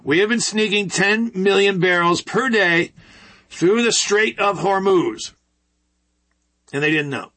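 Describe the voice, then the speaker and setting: A man's voice: high-pitched, a little slow, long pauses, pushed and bright. A man hosting casual political commentary, folksy and rambling with sarcastic asides.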